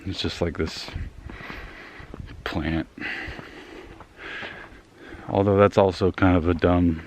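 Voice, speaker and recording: Low-voiced young guy rambling on a walk in the woods, kinda out of breath, faint outdoor air behind him. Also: a little hiss or hum. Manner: rambling, self-deprecating, trailing off. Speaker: vlogger. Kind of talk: casual rambling vlog.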